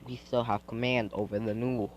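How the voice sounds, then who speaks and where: A man's voice: medium pitch, level tone, moderate pace, slight background noise. A man telling an improvised fan story in a rambling, hesitant way, with many restarts, on a dull lo-fi recording.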